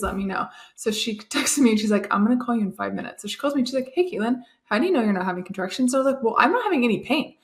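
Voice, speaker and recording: A young woman, chatting in a relaxed way about a personal story, often laughing. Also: a little high. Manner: chatty, laughs often, acts out quoted voices. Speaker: guest, new mom. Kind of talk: casual storytelling.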